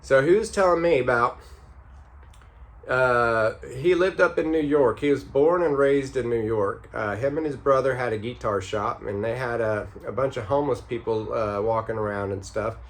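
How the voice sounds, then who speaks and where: Rambling, halting male storyteller. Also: medium pitch. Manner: rambling, halting, many fillers. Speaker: vlogger. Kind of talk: casual storytelling.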